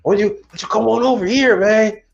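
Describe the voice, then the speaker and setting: A man's voice: high-pitched, fast talker, gravelly, muffled recording, pitched above the performer's own voice. A man voicing a pushy, friendly male job recruiter who wheedles and repeats himself. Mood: wheedling.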